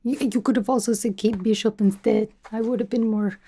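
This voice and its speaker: Girl doing a cocky spy lady, whispered role-play, softish and a bit high, rambling and teasing. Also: steady tone, a little fast, breathy edge. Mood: playful teasing. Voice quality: soft, half-whispered, rambling. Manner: teasing, chatty, self-absorbed, drops articles. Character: brash, teasing female spy interviewing a recruit. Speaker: ASMR creator.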